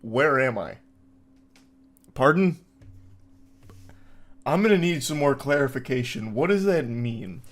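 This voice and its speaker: A man's voice: medium pitch, animated, slow, long pauses. A man hosting a comedic commentary video, reading forum posts aloud and riffing on them in a sarcastic, incredulous way with plenty of filler words.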